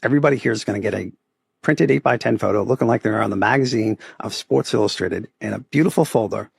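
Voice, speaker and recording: A middle-aged Boston man with a matching accent talks fast in a lowish, creaky voice with a breathy edge. As a podcast guest in a casual interview, he animatedly tells stories about his photography business, acts out quoted voices and often tacks on "right?". The audio is studio quality with no room sound.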